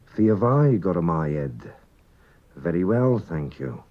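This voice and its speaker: A man teaches a language lesson over the radio, taking his time and speaking in a deep, low register. Every word is pronounced with slow precision. The sound is dull and lo-fi, like an old 1980s broadcast. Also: very animated. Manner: slow, careful, precise pronunciation.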